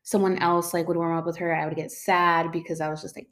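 A young woman with a slightly low voice tells her own story off the cuff. She rambles, leans on "like" and "um", and swears casually as she goes. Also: little pitch movement, quick pace. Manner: rambling, filler-heavy, swears freely.

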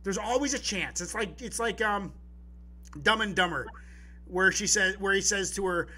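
Bright, high-voiced excitable male podcaster. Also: moderate pace. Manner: excited, rambling with restarts and profanity. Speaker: podcast co-host. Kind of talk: casual live podcast chat.

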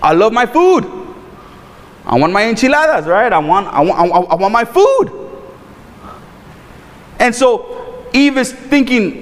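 A man preaching a sermon in a loose, animated, conversational way, repeating words and tossing in playful asides. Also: very high voice, a little slow, pauses often, long reverb tail. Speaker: pastor.

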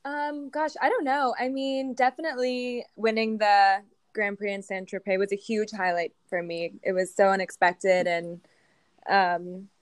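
A young American woman, a show jumping rider appearing as a guest, answers interview questions casually and hesitantly, full of fillers and giggles. Her mid-range voice is level and a little slow, with no room sound.

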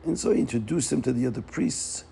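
A man telling a Hasidic story with animated delivery, repeating words and acting out the characters' lines. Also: medium pitch, quick pace, vocal fry, breathy edge.

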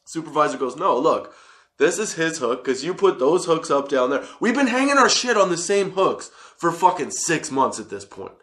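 A man's voice: on the high side, very animated, normal speed, a bit bright. A man in his thirties telling a workplace story as a casual monologue, swearing freely and laughing often.

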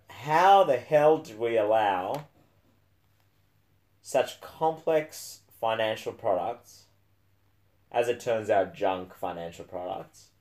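A man's voice: mid-range voice, darkish tone. A man co-hosting a casual book podcast, talking with frequent fillers and restarts and a dry, sarcastic edge. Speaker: podcast co-host.

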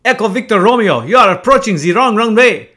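A man voicing an angry male air traffic controller with a French accent, yelling over the radio. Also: high-pitched, expressive, brisk, pitched above the performer's own voice.

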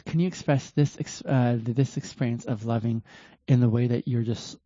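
Earnest man speaking slowly, dark lo-fi voice. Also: mid-range voice, fairly even intonation, no echo. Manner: slow, deliberate, earnest, with many restarts. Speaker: host of a self-reflection talk. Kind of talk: reflective livestream talk.

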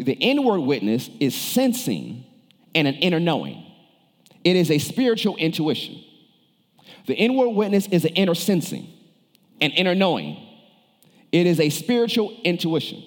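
A man's voice: sits high, very animated, moderate pace, long pauses, long reverb tail. A male pastor preaching a sermon, turning to the congregation with questions and cues. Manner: preaches with shifting emphasis, calls on the congregation.

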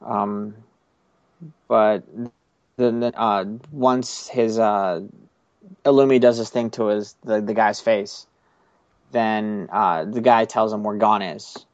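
A man's voice: on the low side, steady tone, slow, dry recording. A man hosting a casual podcast chat, recapping an episode in a rambling way with many fillers. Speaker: podcast host. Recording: slightly muffled, dry recording.

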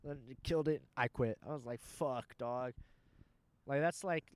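A man's voice: mid-range voice, unhurried, smooth, dry recording. A young man telling rambling, profane stories in casual chat. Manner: animated, profane storyteller.

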